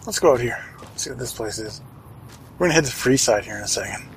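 A man's voice: medium pitch, lively intonation, fast, creaky, slight background noise, rough recording. A man casually commenting on his own gameplay, wry and chatty, muttering to himself and swearing now and then. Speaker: let's play host.

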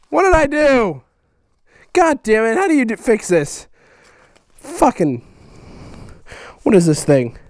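A man hosting a casual fan mail vlog, excitable, loud and swearing constantly. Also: very high-pitched, creaky, no room sound. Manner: excitable, loud and heavily profane. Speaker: YouTuber host.

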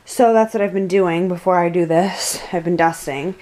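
A woman's voice: lowish voice, moderate pace, a little mellow. Chatty American young woman vlogging. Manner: chatty, rambling, easygoing. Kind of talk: casual chat to camera. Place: her bedroom at night.

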